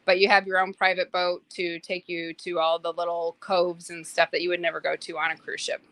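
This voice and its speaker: With a fairly low voice and a fairly quick pace, a woman who cooks on private yachts spins animated stories in a relaxed interview, leaning on fillers and acting out what people said. The recording is dry.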